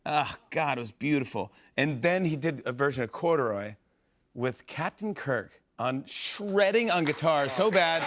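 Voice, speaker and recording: Sex: man. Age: 40s. Role: talk show host. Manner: excitable, rambling, jumps into impressions. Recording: television studio, light background noise. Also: mid-range voice, some chatter behind. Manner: excited, rambling anecdotes with fillers and quick impressions. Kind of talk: animated storytelling on a talk show.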